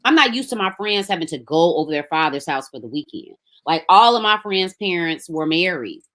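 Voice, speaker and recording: A woman from Memphis with a Southern accent, a podcast guest telling her story in a relaxed, conversational way. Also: fairly low pitch, fairly quick. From Memphis, Tennessee. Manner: relaxed, conversational, animated when quoting others. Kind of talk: casual storytelling interview.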